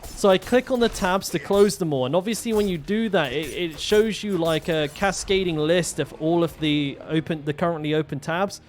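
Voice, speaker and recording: A man's voice: on the high side, moderate pace, faint music behind. A young man streaming a game, telling stories in a rambling way, swearing freely with lots of fillers and restarts. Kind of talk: casual storytelling while gaming.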